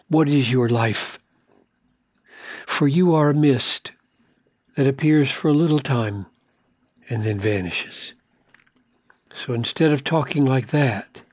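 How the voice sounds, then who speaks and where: Slow, husky-voiced male preacher. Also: mid-range voice, no echo. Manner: slow, emphatic, drops to hushed asides. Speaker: pastor. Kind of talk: teaching sermon.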